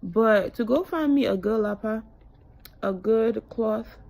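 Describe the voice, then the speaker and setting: A woman's voice: on the high side, slow pace, creaky, darkish tone. A young woman from West Africa chatting casually to camera in a frank, rambling vlog with slang and fillers. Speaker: vlogger.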